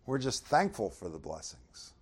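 Man, sermon preacher, mid-pitched voice, casual "you know" delivery, rises loud on verses. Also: huge pitch swings, moderate pace, slightly rough. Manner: conversational preaching, frequent "you know", rhetorical questions; loud dramatic swells when reading verses. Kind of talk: sermon with scripture reading.

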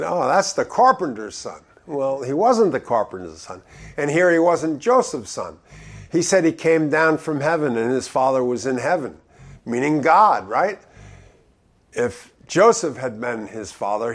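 Male preacher, mid-range voice, conversational verse-by-verse teaching with swings between emphatic and hushed delivery. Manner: reads scripture aloud then explains it conversationally; shifts between loud emphatic stress and low quiet asides.

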